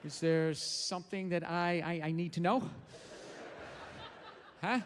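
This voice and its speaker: A man's voice: on the high side, fairly even intonation, slow, a little hiss or hum, pitched below the performer's own voice. A man voicing a female gorilla who asks hesitant, stammering questions, in a live stand-up bit. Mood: worried. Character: female gorilla, eager then worried.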